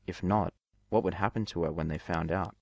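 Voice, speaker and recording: Low-voiced man reading a story aloud. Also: steady tone, brisk, vocal fry, darkish tone, no room sound. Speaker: fanfiction reader. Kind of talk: dramatic story narration.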